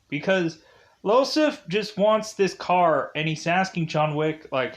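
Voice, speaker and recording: A man's voice: high voice, expressive, slow pace. A man giving a casual movie review, rambling and digressive, with constant fillers like "like" and "uh". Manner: rambling and digressive, heavy use of "like" and "uh".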